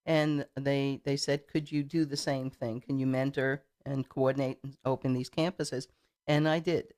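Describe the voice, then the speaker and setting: A middle-aged woman, a political candidate appearing as a guest in a studio interview, tells a story in a chatty way. Her voice is extremely low and darkish, and she uses frequent fillers and repeated words.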